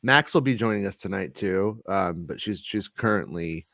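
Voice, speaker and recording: A man's voice: deep voice, animated, normal speed, vocal fry, a bit bright, no room sound. A man hosting a podcast in loose, casual chat, swearing freely and laughing easily. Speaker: podcast host.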